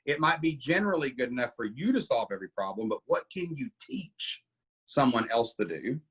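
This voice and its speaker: A man's voice: medium pitch, sing-song, brisk, fairly bright tone, breathy edge. A middle-aged man hosting a casual coaching Q&A, emphatic and often asking "right?". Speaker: podcast host coaching members.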